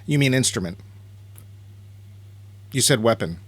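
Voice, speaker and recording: A man's voice: medium pitch, lively intonation, unhurried, fairly bright tone, no echo. A man co-hosting a casual movie review podcast, chatty and joking. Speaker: podcast co-host.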